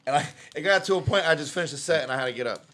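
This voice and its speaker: A man on a casual podcast, telling a crude gym story in a relaxed way. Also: fairly high pitch, racing. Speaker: podcast co-host. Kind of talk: casual chat.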